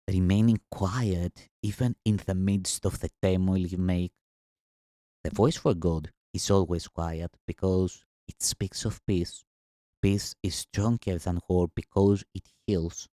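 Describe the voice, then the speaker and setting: Low, mellow man reading solemnly. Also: no room sound, studio quality. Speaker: spiritual teacher reading scripture-like text.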